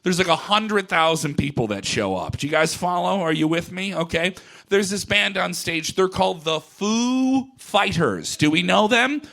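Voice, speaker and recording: A man telling a comic story live on stage to an audience, sliding from hushed deadpan asides into shouted, profane rants. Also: high voice, moderate pace, creaky. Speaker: comedian doing stand-up bit. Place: live event venue with audience.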